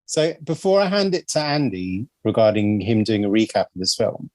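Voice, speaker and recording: A man's voice: on the low side, very animated, moderate pace, a little mellow, no echo. A man hosting a podcast with friends, talking casually and rambling with fillers and laughs. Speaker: podcast host.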